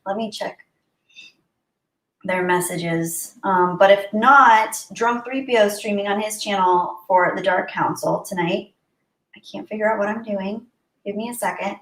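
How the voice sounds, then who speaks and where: A woman's voice: medium pitch, a little slow, recorded from a distance. A woman hosting a live stream, chatting casually and thanking her viewers. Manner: chatty, warm thanks to viewers, laughs often. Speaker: livestream host. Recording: roomy sound, voice a bit off-mic.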